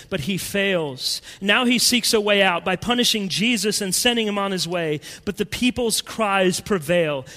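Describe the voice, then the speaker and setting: A man preaching a sermon in a dramatic, emphatic way, swinging between loud and hushed. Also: high voice, big-room sound.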